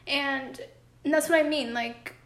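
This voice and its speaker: A woman's voice: high-pitched, steady tone, slow, fairly bright tone, roomy sound. A woman co-hosting a podcast, chatting earnestly about relationships in long flowing sentences, at home with her cat. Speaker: podcast co-host.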